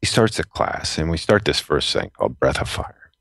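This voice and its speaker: Deep-voiced earnest male storyteller. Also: sing-song, moderate pace, vocal fry, fairly bright tone, no echo. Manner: earnest, reflective, many restarts. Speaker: podcast guest, retired Navy SEAL. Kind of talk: conversational storytelling.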